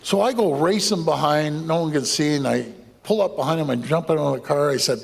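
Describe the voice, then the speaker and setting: A politician telling an animated anecdote at an event, laughing as he goes. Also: fairly high pitch, brisk, creaky, slightly rough. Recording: echoey hall, heard from a distance.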